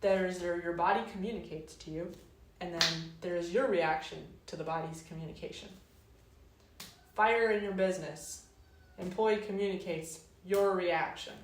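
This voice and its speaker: Low-voiced woman musing in a roomy space. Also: steady tone, distant mic, slight background noise. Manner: unhurried, searching, drawn-out phrasing with soft trailing lows. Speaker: wellness host. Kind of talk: reflective casual monologue. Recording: roomy, mic set back.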